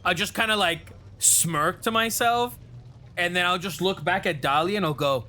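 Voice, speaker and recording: A man's voice: high-pitched, moderate pace, pushed and bright. A man playing in a tabletop game, laid-back and swearing freely. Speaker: player. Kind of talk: tabletop role-play.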